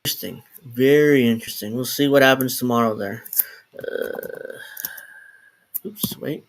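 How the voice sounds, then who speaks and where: A man's voice: medium pitch, measured pace. Rambling man talking to a live stream. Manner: rambling, self-interrupting, swears and laughs. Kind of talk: casual solo live stream. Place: home, in New Jersey.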